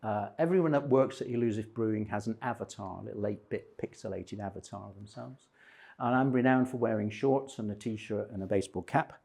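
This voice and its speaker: A man's voice: fairly low pitch, a little fast, creaky, a little mellow, a little hiss or hum. A retired man in his sixties telling humorous, self-deprecating stories about his life to a church group. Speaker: speaker at a men's breakfast.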